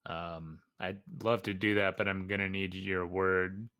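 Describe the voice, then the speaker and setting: A man's voice: deep voice, little pitch movement, measured pace, fairly bright tone, clean tone. A man playing a tabletop game, speaking hesitantly with many fillers. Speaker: player. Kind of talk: casual tabletop play.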